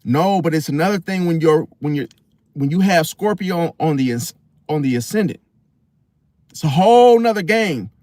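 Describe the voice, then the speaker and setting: A man with a high, very lively voice tells a story to his viewers, slangy and full of cussing. His delivery swings up and down constantly, and the sound is dry and close. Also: moderate pace, no room sound. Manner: animated, slangy and profane, addresses viewers directly. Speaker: astrology vlogger. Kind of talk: casual storytelling to camera.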